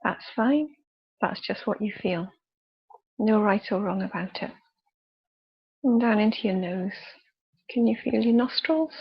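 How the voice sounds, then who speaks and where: A woman leading a guided body scan meditation with slow, soft, calm instructions and pauses. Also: a little high, breathy edge, muffled recording. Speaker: youth worker leading a relaxation exercise.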